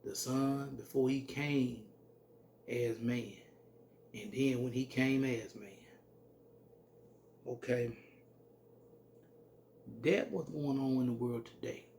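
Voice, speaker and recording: Steady in tone and mid-range in pitch, this man's gravelly, mellow voice carries a blunt, salty style as he teaches scripture. He works slowly through verses before shifting into plain-spoken commentary, with faint noise in the background.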